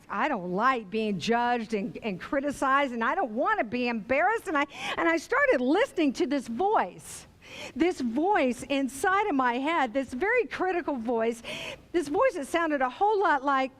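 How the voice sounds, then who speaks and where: A woman delivering a motivational keynote with a high, bright-pitched voice. She speaks slowly and deliberately, theatrical and emphatic, pulling the audience in with call-and-response. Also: sing-song.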